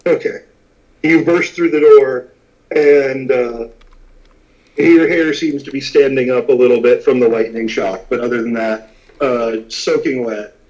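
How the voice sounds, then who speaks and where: A man narrating a tabletop game as game master, with frequent pauses and filler words. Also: medium pitch, a little mellow, lo-fi sound. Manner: halting, many filler words.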